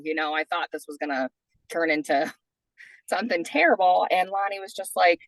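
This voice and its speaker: Woman host, low voice, dry close sound, chatty storyteller with lots of fillers. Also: moderate pace, fairly bright tone, no echo, low-quality recording. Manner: chatty, full of "like" and "you know". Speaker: podcast host. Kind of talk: casual storytelling.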